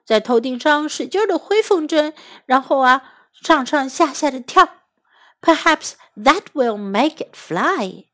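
A woman voicing a patient male frog in a bilingual children's storybook reading, calmly coaxing his friend to try again. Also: high-pitched, unhurried. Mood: encouraging. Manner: calm, coaxing.

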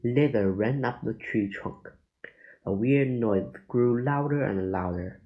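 Slow-reading man narrating a kid's book. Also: medium pitch. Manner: slow deliberate reading with stumbles. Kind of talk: reading a children's book aloud. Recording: dull lo-fi recording.

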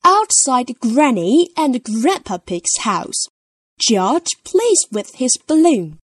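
A woman reading a children's picture book aloud, telling the story clearly and expressively. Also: sits high, sing-song, takes it slowly, no room sound. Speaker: storybook reader.

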